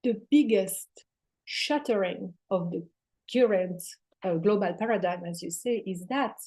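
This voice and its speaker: A woman spiritual teacher appears as a guest in a casual spiritual conversation, her mid-range voice unhurried. She swears casually and now and then drops into soft near-whispers.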